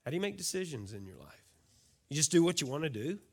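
A male pastor preaching a sermon, folksy and full of questions to the congregation, swinging from loud declarations to hushed, quiet lines. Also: a little high, big pitch swings, fast, gravelly, breathy edge.

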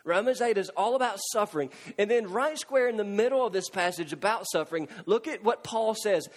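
A man preaching a sermon, impassioned, swinging from loud pleading cries to hushed, near-whispered lines. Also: high voice, fairly quick, in a large hall. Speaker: pastor.

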